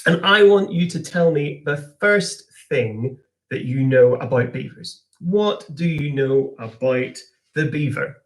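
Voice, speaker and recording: A man's voice: fairly high pitch, takes it slowly. A man, a science communicator giving a live online lesson for young people, asking viewers to type their answers.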